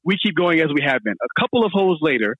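Fast, animated male podcast storyteller. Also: a little high, husky, dry recording, phone-quality sound. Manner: animated, laughing storyteller, acts out quotes. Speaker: podcast host. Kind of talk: casual storytelling.

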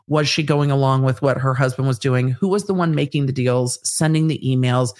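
A woman's voice: very deep voice, fairly even intonation, a little mellow. Give me an analytical woman legal commentator. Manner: measured, analytical, thinks aloud with fillers. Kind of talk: guest interview, legal analysis.

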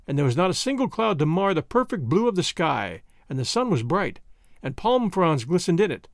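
A man narrating a classic adventure story in a theatrical, expressive manner. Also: high voice, vocal fry, no room sound, studio quality. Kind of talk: scripted audiobook narration.

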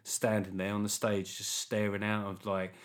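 A man's voice: lowish voice, monotone, moderate pace. A middle-aged British man hosting a podcast, ranting wryly with plenty of fillers and restarts. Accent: British English. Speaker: podcast host, comedian. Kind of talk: casual solo podcast chat.

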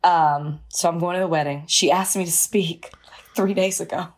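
A woman's voice: lowish voice, fairly even intonation, normal speed. Chatty woman co-hosting a podcast. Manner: chatty, laughs easily, storytelling. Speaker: podcast co-host. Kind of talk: casual chat.

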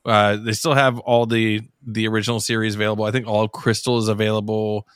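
A man's voice: fast, smooth, no echo. Rambling man on a podcast, dry sound. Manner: rambling, restarts, goes high when excited. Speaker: podcast co-host. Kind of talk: casual chat.

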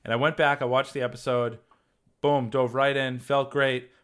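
A man in his thirties with a Massachusetts accent, a podcast guest on a video call who tells loose, animated stories and swears freely. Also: mid-range voice, moderate pace, smooth. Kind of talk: casual podcast chat.

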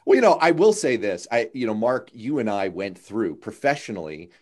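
A male podcast host tells stories with emphasis, and his pitch swings widely up and down. His delivery is lively and conversational. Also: moderate pace. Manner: animated storyteller, emphatic.

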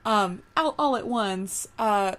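A woman's voice: medium pitch, slow pace. A woman co-hosting a casual movie-review podcast, ranting emphatically with plenty of swearing. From California. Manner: emphatic, profane, animated rants. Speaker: podcast co-host.

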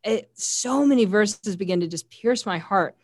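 A woman's voice: medium pitch, expressive, unhurried, darkish tone, no room sound, studio quality. A woman giving an earnest, heartfelt faith testimony as an interview guest, often quoting scripture. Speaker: guest sharing a personal testimony.

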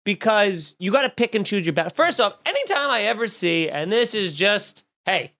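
A man's voice: high voice, big pitch swings, normal speed, pushed and bright. Sarcastic crude-talking podcast host man. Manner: sarcastic, crude, mock-outraged. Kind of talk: comedic podcast rant.

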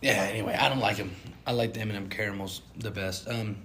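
A young man co-hosting a casual chat, animated and prone to sudden loud outbursts. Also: fairly low pitch, quick pace, slight background noise. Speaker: co-host.

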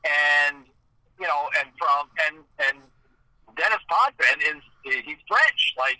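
Canadian guy from eastern ontario, rambling chatty stories, really bright tone, pretty high, dry sound. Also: big pitch swings, takes it slowly, dry recording, low-quality recording. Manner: chatty storyteller, lots of "like" and "you know". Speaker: guest, hockey video game commentator. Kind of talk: casual podcast interview.

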